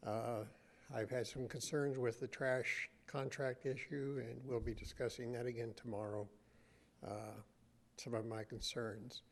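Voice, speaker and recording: Polite man making a measured public comment. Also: medium pitch, little pitch movement, gravelly. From United States. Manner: measured, polite, with frequent "uh" pauses. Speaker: resident giving public comment. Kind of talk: public comment at a council meeting.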